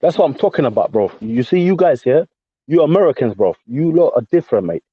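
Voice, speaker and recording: A man's voice: mid-range voice, very animated, quick pace, husky, no echo. A man with a London accent calling into a voice chat, ranting combatively and repeating himself, calling everyone mate and bro. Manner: combative, repetitive, peppers speech with mate and bro. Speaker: caller in a voice chat. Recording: dull lo-fi voice chat audio.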